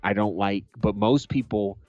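A man's voice: lowish voice, fairly even intonation, moderate pace, darkish tone, no echo, muffled recording, faint music behind. A man co-hosting a podcast in casual chat, blunt and sweary, ranting with a laugh. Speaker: podcast co-host.

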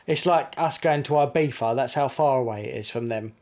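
A man's voice: mid-range voice, a little fast, darkish tone. An English man co-hosting a casual podcast, chatty and jokey, laughing often. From England. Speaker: podcast co-host. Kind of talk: casual chat.

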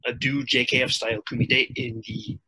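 A man's voice: medium pitch, little pitch movement, moderate pace, pushed and bright. A man being interviewed as a guest, explaining at length with many hesitations. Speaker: guest, karate practitioner. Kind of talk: casual interview talk. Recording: noisy background.

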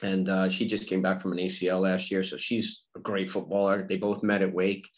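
A middle-aged man chatting as a podcast guest, telling stories in an animated way and laughing often. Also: sits low, rough recording. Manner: animated storytelling, quick imitations, laughs often. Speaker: guest, former player and coach. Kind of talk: casual conversation.

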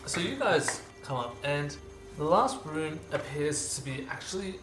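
A man's voice: a little high, animated, measured pace, echoey room, over music. A man narrating a tabletop game as game master, playful and descriptive.

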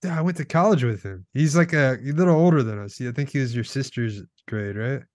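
A man's voice: medium pitch, animated, fairly quick, darkish tone, no room sound, clean studio sound. A young man reminiscing in a casual, profane chat with a friend.

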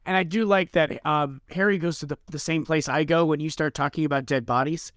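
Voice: steady tone, fairly quick, fairly bright tone, no room sound, clean studio sound. A podcast co-host recapping a book in a playful, jokey way. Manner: playful, jokey, swoops in pitch. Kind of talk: casual book podcast chat.

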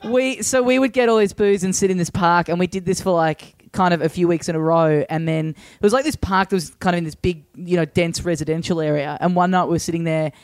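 A man co-hosting a podcast, telling animated anecdotes and acting out the quotes. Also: high voice, fast, few pauses, smooth, no echo, studio quality. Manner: animated anecdote-teller who acts out quotes. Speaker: podcast co-host. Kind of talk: casual podcast chat.

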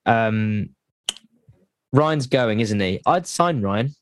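A man's voice: lowish voice, lively intonation, extremely slow. A man chatting casually about football on a podcast, rambling with lots of restarts and fillers.

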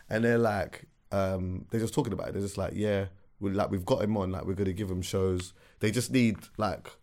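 A man, fairly low-pitched at rest, tells a story in a casual podcast chat. When he gets worked up, his voice jumps high and loud. He sounds like a man in his thirties. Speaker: podcast co-host.

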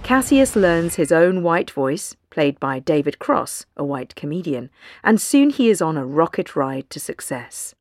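A woman narrating a news feature in a measured, deliberate way. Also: low voice, very animated, no room sound. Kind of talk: scripted narration.

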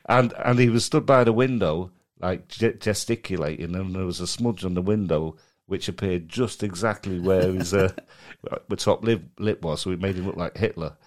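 A man with a Mancunian accent co-hosting a podcast, chatting casually and laughing as he tells stories. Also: low voice. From Manchester, England. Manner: rambling, laughs while telling stories. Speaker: podcast co-host. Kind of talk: casual chat.

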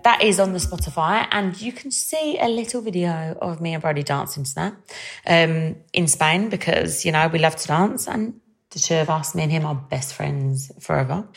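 A woman's voice: deep voice, normal speed, creaky. Chatty, bubbly woman podcaster. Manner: chatty and bubbly, lots of fillers. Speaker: podcast host. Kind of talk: casual solo podcast chat.

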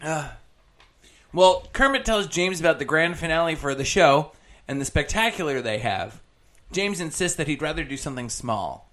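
A man with a fairly high voice speaks at a moderate pace as a podcast co-host. He tells stories in casual conversation, animatedly performing the voices of the people he quotes.

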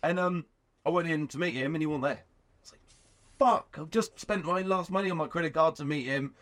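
Animated man telling a rowdy story. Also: on the high side, a little fast. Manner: animated, profane, acts out quoted voices. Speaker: guest, garage owner. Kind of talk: casual storytelling interview.

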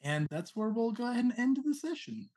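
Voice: medium pitch, sing-song, fairly quick, a little mellow, slightly rough. A game master narrating a tabletop game scene with some drama.

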